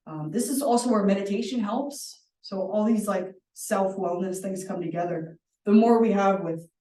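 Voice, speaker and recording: A woman facilitating a workshop. She leads calm guided exercises and often checks in with a questioning "right?". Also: mid-range voice. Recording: roomy sound from a distant mic.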